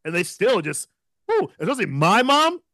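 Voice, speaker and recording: A man in his thirties co-hosting a podcast, telling a story in a casual, profane and animated way, laughing often. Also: sits high, normal speed, no echo. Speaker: podcast co-host.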